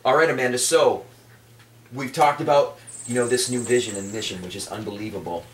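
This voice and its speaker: A man's voice: mid-range voice, fairly quick. A man hosting a casual chat, upbeat and encouraging toward his guest. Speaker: host. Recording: roomy, distant, noisy.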